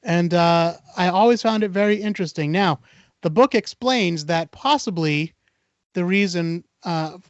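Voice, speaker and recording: This man hosts a podcast, and his high-pitched voice carries a loose, animated retelling of an urban legend, packed with fillers and acted-out lines. There's no echo, and the high frequencies are cut off.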